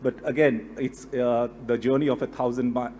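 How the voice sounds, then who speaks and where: A man gives a formal closing speech after a lecture, halting often on fillers. His voice is mellow and dark. A faint hum runs under it. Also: medium pitch, flat delivery. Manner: hesitant, many fillers. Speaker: deputy director giving closing remarks. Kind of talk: formal thank-you speech. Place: lecture hall.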